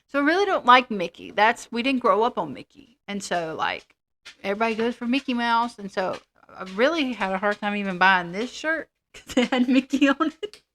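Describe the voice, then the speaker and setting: A woman's voice: on the high side, very animated, moderate pace, fairly bright tone, slight background noise. A middle-aged woman co-hosting a casual chat, telling rambling, self-deprecating stories. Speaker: co-host.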